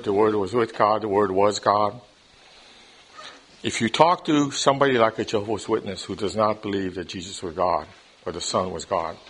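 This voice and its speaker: A man's voice: lowish voice, fairly bright tone. Man teaching a Bible class. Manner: explains step by step, checks in often with "okay?"; repeats words when starting a thought. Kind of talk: classroom lecture.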